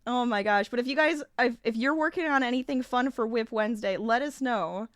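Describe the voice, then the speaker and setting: A woman streamer chats casually with her chat while crocheting, her voice a little high, a little fast, and fairly bright. She's getting over an illness, so it sounds slightly scratchy, and she laughs often. The studio-quality recording has no room sound.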